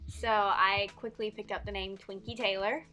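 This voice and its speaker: A woman's voice: medium pitch, little pitch movement, normal speed, over music. A teenage girl guest on a podcast, chatting casually and joking with a giggle. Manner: giggly, jokey. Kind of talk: casual chat.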